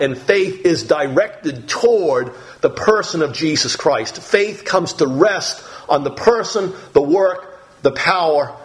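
Earnest preaching man, voice leaping high. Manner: earnest, repeats phrases, pitch leaps when voicing doubters. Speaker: pastor. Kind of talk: sermon.

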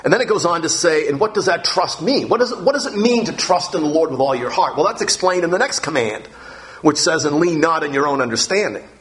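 A man's voice: a little high, lively intonation, fast talker, a bit bright. A man preaching a morning sermon as pastor, earnest, repeating phrases and pushing his voice up on the key words.

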